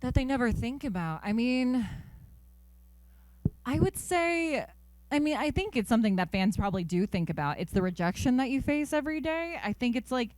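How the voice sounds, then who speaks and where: A woman's voice: a little high, fast, hardly any pauses, no echo. Upbeat young woman voice actor. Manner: animated, upbeat, lots of fillers. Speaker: voice actor guest. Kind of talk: casual interview chat. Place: convention interview.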